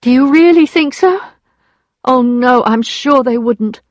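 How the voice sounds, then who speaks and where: A woman reading an audiobook, voicing a ruined young woman who pleads high and strained through tears. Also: measured pace, a little mellow, no room sound. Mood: anxious. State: weeping.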